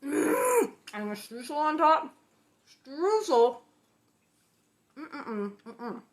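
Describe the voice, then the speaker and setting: Chatty lady doing a home cooking demo, a bit high, lots of exclaiming. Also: sing-song, very slow. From Los Angeles. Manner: chatty, playful, exclaims often. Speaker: cooking show host. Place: home kitchen.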